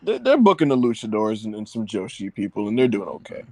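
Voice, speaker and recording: A man's voice: lowish voice, big pitch swings, fast talker, warm tone. A man hosting a casual wrestling livestream chat, laughing often and stammering through restarts. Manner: laughing, stammering, acts out announcer voices. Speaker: podcast host.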